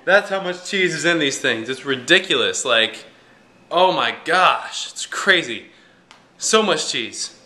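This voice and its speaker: A man's voice: a little high, lively intonation, slow, pushed and bright. A young man chatting on his home vlog, rambling and joking at himself, with lots of fillers. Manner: rambling, jokey and self-mocking, with many fillers. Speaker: vlogger. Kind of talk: casual vlog chat.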